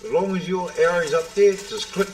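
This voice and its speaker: A relaxed New man calling a pool match in loose, chatty banter. His voice sits a bit high for a man and bounces around an echoey room. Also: moderate pace. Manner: relaxed banter, calls everyone bro. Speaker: pool commentator. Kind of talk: casual live commentary.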